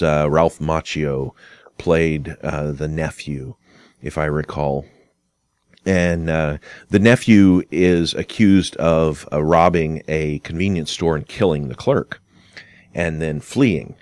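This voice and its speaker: Deep-voiced man giving a casual lecture. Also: darkish tone, no echo. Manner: unhurried, explanatory, acts out quoted dialogue. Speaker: instructor on arguments and fallacies.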